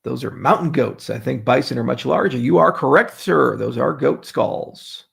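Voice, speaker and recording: A man's voice: medium pitch, expressive, normal speed, creaky, breathy edge. A man hosting a casual livestream Q&A, reading viewer questions and answering in a sarcastic, joking way with frequent swearing.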